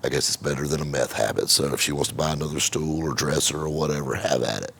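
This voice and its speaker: A man's voice: very deep voice, quick pace, vocal fry, fairly bright tone, slight background noise. A middle-aged man, a car dealer, telling a rambling, profane story in casual chat, with many repeated words. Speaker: car dealer and channel host.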